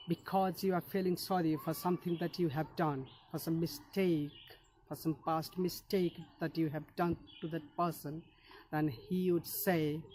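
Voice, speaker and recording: A man teaching an English lesson, speaking slowly and deliberately and modeling phrases for learners to repeat. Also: sits high, darkish tone.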